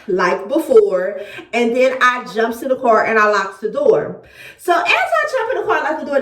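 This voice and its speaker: Philly woman doing a storytime vlog, high voice, lots of swearing and acted-out quotes, roomy echo. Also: recorded from a distance. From Philadelphia, USA. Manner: animated, profane storytelling with quoted dialogue. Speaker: vlogger. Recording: echoey room, voice a bit off-mic.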